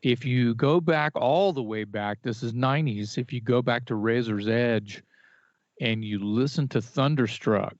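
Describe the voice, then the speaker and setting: A man co-hosting a podcast, talking about music in casual chat with strong opinions and lively restarts. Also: mid-range voice, a little slow, dry recording. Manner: opinionated, animated, with restarts and fillers. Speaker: podcast co-host. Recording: dry, slightly dull podcast audio.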